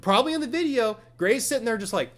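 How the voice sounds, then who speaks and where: A man's voice: very high voice, fast. A man hosting a casual chat, telling an angry story with lots of swearing and acted-out quotes. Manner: profane, animated, acts out quotes. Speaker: podcast host.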